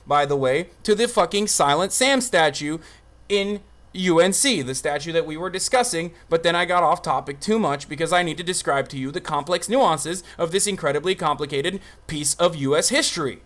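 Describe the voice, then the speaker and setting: A man's voice: on the high side, normal speed, fairly bright tone. Profane, rambling young male streamer. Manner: profane, rambling and easily exasperated. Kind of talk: livestream commentary. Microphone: phone.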